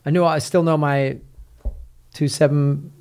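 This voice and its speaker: A man's voice: fairly high pitch, steady tone, a little slow, creaky, a little mellow, clear, resonant tone. A man co-hosting a movie podcast, chatty and joking as he introduces a guest. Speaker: podcast co-host. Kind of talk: casual movie chat.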